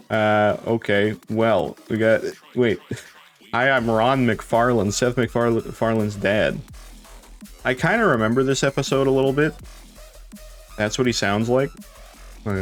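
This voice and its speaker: A young man chatting casually on a live stream, rambling, laughing often and swearing now and then. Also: fairly low pitch.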